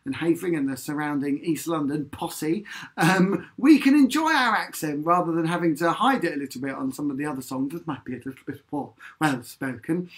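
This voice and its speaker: A man leading an online sing-along as a musician. He is upbeat and chatty, reads out viewer comments and counts in the beats. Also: on the high side. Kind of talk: chatty live-stream singing lesson.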